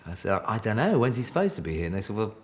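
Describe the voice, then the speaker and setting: A musician in a documentary interview, retelling a confused exchange in bemused quotes. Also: male voice, fairly low pitch, sing-song, very fast.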